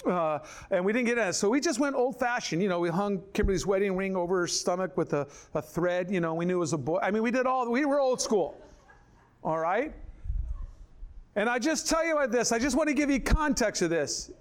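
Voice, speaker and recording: An older man preaching a sermon, telling stories in animated fashion, acting out other people's voices and dropping low and slow for scripture. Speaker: pastor. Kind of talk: sermon with storytelling.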